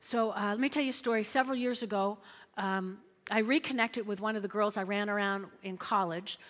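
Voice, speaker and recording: A middle-aged woman pastor preaching an animated sermon in a church, repeating phrases and acting out voices. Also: medium pitch, a little fast, big-room sound. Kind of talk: lively sermon with acted-out quotes.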